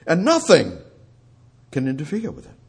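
A man preaching a sermon, fervent and repetitive, swinging between loud outbursts and hushed prayer. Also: fairly high pitch, huge pitch swings, normal speed, vocal fry, slightly rough.

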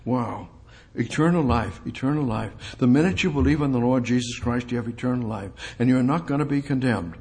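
A man delivering a sermon and reading Bible verses aloud. He presses his points by repeating short phrases and putting questions to his listeners. His voice rises into loud exclamations and then drops to quiet asides. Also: a little fast. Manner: swings between loud exclamations and low asides. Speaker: preacher.

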